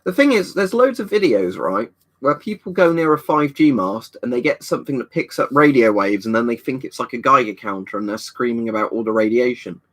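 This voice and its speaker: This man's medium-pitched voice is expressive, brisk and a little bright. Hosting a casual stream from a storage room in his house, he wanders easily through viewer comments, reading each aloud and answering it.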